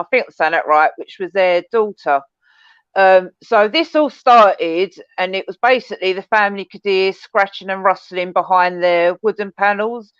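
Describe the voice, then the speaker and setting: A woman's voice: mid-range voice, clear, resonant tone, no room sound, muffled recording. A woman co-hosting a podcast in casual chat, laughing often as she tells the story. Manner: giggly, laughs often while telling the story. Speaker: podcast co-host.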